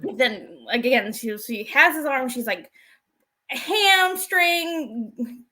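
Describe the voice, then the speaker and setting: A woman's voice: sits high, expressive, slow, sharp tone. A woman co-hosting a podcast, chattily recapping wrestling and acting out the lines she quotes. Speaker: podcast co-host. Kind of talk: casual wrestling recap chat.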